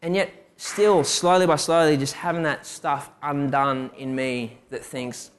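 A man's voice: fairly high pitch, animated, normal speed, hardly any pauses. A young man preaching a sermon, telling personal stories and asking rhetorical questions. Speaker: preacher giving a testimony.

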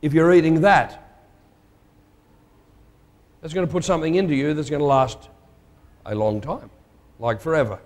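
A man's voice: on the high side, normal speed, long pauses, darkish tone. A man preaching a sermon in a conversational, emphatic way, putting questions to his listeners. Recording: long hall reverb.

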